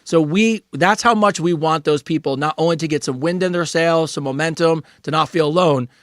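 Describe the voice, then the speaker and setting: A man co-hosting a live advice podcast, telling stories with lively retellings of conversations. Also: a little high, brisk, no echo, studio quality. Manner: animated storytelling, acts out quoted exchanges. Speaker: podcast co-host.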